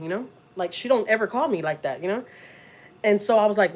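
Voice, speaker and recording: A woman's voice: mid-range voice, brisk, low-quality recording. Rambling woman telling a story. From Houston, Texas. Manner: rambling and emphatic, many "you know" and "like" asides, animated when voicing others. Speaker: family vlogger on a live stream. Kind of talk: casual storytelling.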